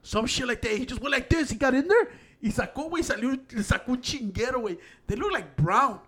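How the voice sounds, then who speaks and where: A man with a Mexican-American accent, switching between Spanish and English as he swears and tells stories excitedly. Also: very high voice, fast talker, slightly rough. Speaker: podcast co-host. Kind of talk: casual chat.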